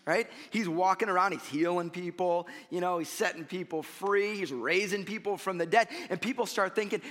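A man preaching a sermon, animated and conversational, dropping frequent "right?" and "you know" asides. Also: high voice. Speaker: pastor. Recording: long hall reverb.

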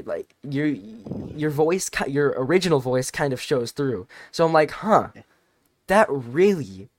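A teenage man casually telling a long story on a podcast, rambling and animated, with many restarts. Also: on the high side, dry recording, studio quality. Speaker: podcast co-host.

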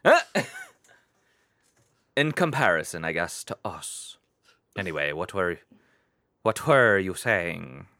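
A man with a very deep but bright, forceful voice chats about a film in a relaxed way, dropping in chuckling asides. The recording is dry and close. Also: slow, long pauses, no echo. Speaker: podcast co-host. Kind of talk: casual film-review chat.

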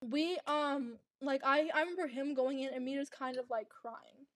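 A young woman co-hosting a casual podcast, her voice high and chatty. She rambles through her story with plenty of restarts. The sound is dry and close, with no room echo. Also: fairly even intonation, moderate pace. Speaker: podcast co-host. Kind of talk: casual chat.

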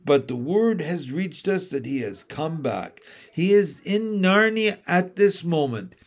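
A man's voice: a little high, very animated, measured pace, pitched above the performer's own voice. A man reading aloud from a storybook, voicing a hearty but gloomy male talking beaver with folksy, earnest speech.

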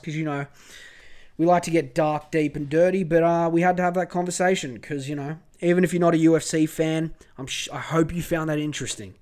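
A man's voice: a little high, steady tone, fairly quick, a little mellow. A man hosting a podcast, ranting heatedly and swearing freely in a casual monologue. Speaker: podcast host.

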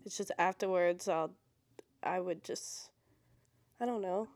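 Young pregnant woman guest, halting casual talk, dry recording. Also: on the low side, a little mellow, no echo. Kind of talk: casual chat.

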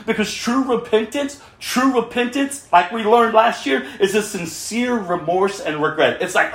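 A man preaching a sermon as pastor, swinging from fervent cries to quiet pleading. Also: sits high, normal speed, roomy sound.

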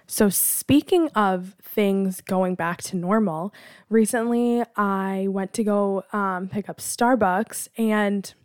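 A woman's voice: medium pitch, takes it slowly. A young woman in her twenties, chatting casually and with sarcasm as she tells dating stories, full of filler words. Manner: chatty, animated, with frequent "like" fillers; sarcastic disbelief. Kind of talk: casual storytelling monologue.

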